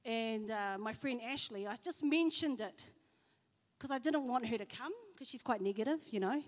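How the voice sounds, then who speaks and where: A preacher with a New Zealand accent delivers a sermon in a fairly high, expressive voice at a moderate pace. She tells personal stories, acting out both sides of each conversation, while the long reverb of a church hall rings around her.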